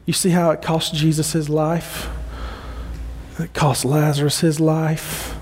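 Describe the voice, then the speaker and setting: A man preaching a sermon with passion, climbing to emphatic peaks and then slowing into soft, quiet pauses. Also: a little high, little pitch movement, husky, in a large hall. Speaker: pastor.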